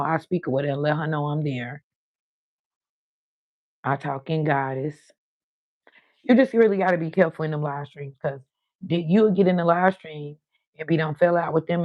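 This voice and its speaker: A woman's voice: low voice, dry recording, dull audio. An older woman, hosting a live stream and chatting casually, telling stories full of quoted voices.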